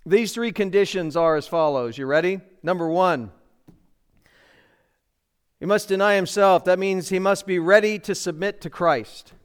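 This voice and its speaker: A middle-aged male pastor preaches in a church, his voice set high for a man and smooth, resonant and clear. He presses his points with emphatic repetition and rhetorical questions to the congregation. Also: unhurried. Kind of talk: sermon. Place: church sanctuary.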